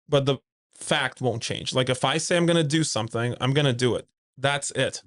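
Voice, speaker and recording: A suit company founder appears as a guest on a conversational podcast interview, speaking at a moderate pace in a medium pitch. He is blunt and emphatic, repeats key points, and tells stories animatedly, acting out quoted dialogue in a raised voice.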